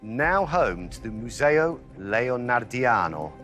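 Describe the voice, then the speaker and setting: A man's voice: mid-range voice, very animated, takes it slowly. A man hosting a quiz show, jokey and encouraging, often laughing between questions. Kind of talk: upbeat game show hosting. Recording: studio with loud background music. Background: music.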